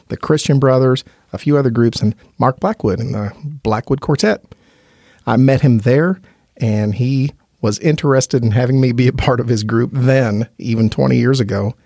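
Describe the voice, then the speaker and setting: A man's voice: medium pitch, a little mellow, dry recording, studio quality. A man from Indiana, a gospel quartet tenor, telling earnest, chatty stories as a podcast guest and laughing easily. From Indiana, USA. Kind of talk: casual interview storytelling.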